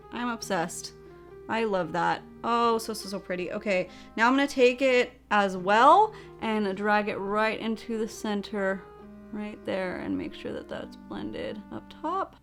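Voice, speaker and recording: A woman's voice: medium pitch, a bit bright. Bubbly young woman narrating a makeup tutorial. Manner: bubbly and chatty, with playful sound effects. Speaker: beauty vlogger.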